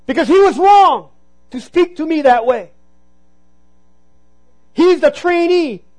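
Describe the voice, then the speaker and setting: High-voiced man preaching a sermon. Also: expressive, slow pace, a little mellow, low-quality recording. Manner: storytelling, call-and-response "Amen?". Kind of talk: sermon with personal story.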